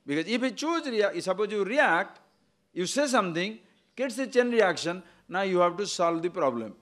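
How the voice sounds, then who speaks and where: Older man, spiritual teacher, fairly high voice, rhetorical questions, repeated words. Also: very animated, normal speed. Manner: rhetorical questions, repeats words, wide swings of pitch and loudness. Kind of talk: spiritual discourse.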